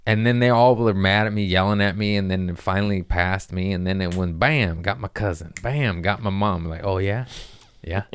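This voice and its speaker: A man hosting a casual comedy podcast, talking in a rambling, profane, excitable way. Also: low-pitched, moderate pace, hardly any pauses, clean tone.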